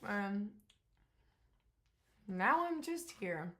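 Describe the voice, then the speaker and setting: A young woman shares a loose, unscripted vlog update in a voice of ordinary middle pitch. She talks candidly and meanders, filling gaps with "um" and "like" and letting a swear word slip now and then. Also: sing-song, very slow, sharp tone. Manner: candid, rambling, frequent fillers and swearing. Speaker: vlogger.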